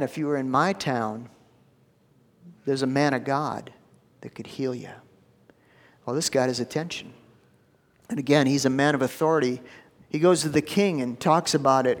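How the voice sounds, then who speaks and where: A man preaching a sermon, telling a story with lively acted-out voices and sudden drops to a whisper. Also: fairly high pitch, big-room sound. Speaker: pastor.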